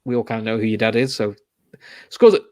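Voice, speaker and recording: A man's voice: on the low side, fast, no echo, clean studio sound. A young man with a Liverpool accent hosting a casual football podcast, telling stories with animation and acting out the reactions. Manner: animated storytelling, acts out reactions. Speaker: podcast host.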